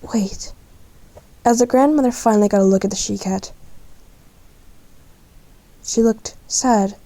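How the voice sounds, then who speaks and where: A woman narrating her own animal story in a plain, halting way. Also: mid-range voice, warm tone. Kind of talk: reading a homemade animal story.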